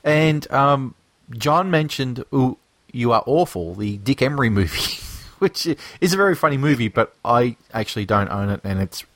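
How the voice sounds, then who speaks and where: A man's voice: mid-range voice, expressive, normal speed, fairly bright tone, no echo. An Australian man co-hosting a podcast, chatting casually and rambling with lots of fillers and jokes. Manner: rambling, filler-heavy, joking. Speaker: podcast co-host. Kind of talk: casual chat.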